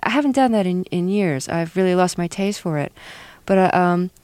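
A woman's voice: on the low side, brisk, a little mellow, clear, resonant tone, dry recording. A woman hosting a radio interview, asking friendly, curious questions. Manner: friendly, curious, laughs easily.

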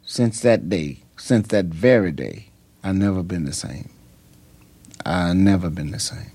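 An older man, a pastor, telling his story in an interview, halting with many ums and jumping high in pitch as he relives it. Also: expressive, mellow, breathy edge, dry recording. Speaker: pastor and singer, interview guest.

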